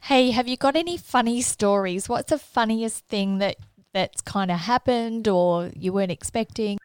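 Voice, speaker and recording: A woman's voice: on the high side, moderate pace, clear, resonant tone, no room sound. A woman hosting a casual interview who encourages and affirms her guest. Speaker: host, interviewer.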